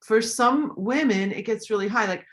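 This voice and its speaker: A woman coach giving tips in a live online talk, animated, acting out voices as she demonstrates them. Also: fairly high pitch, normal speed. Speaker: voice and communication coach.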